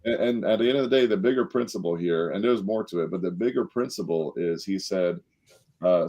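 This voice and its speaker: A middle-aged man on a leadership panel, telling an anecdote and acting out the quotes with a lifted voice. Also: fairly quick. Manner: animated storyteller, acts out quotes with rising pitch. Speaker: panel guest, former sales director. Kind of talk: storytelling in a leadership panel talk.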